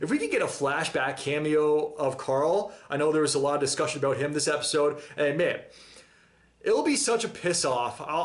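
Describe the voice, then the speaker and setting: A man giving a casual, enthusiastic and emotional reaction monologue about a TV episode, using slang and nearly choking up. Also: a little high. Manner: enthusiastic, emotional, slangy, breaks down near tears. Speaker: reaction channel host.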